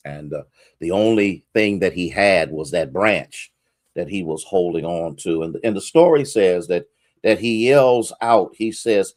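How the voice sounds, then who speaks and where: A man's voice: fairly low pitch, expressive, takes it slowly, no room sound, studio quality. A male pastor preaching a sermon, repeating key lines for emphasis and greeting listeners by name.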